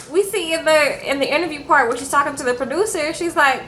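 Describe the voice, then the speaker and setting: Chatty bright-voiced woman recapping a show. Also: sits high, fast, few pauses, slight background noise. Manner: chatty, keeps adding "okay?" to check in. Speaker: TV show reviewer. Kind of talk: casual chat.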